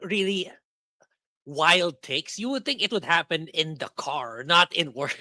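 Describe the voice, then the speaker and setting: Lively bright-voiced man reacting in disbelief. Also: a little high, a little slow, dry recording, studio quality. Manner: incredulous interjections, laughs along. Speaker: podcast co-host. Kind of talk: casual chat, reacting.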